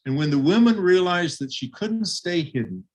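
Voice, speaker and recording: An older man preaching a sermon with a slightly high voice. He tells the Bible story vividly and steps into its people as he goes. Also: sing-song, normal speed. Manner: vivid retelling with acted quotes.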